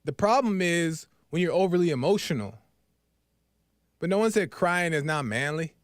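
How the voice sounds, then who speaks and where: A man's voice: fairly high pitch, animated, normal speed, dry recording, studio quality. A man hosting a live call-in faith talk show, preachy and encouraging, repeating his key phrases. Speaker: host.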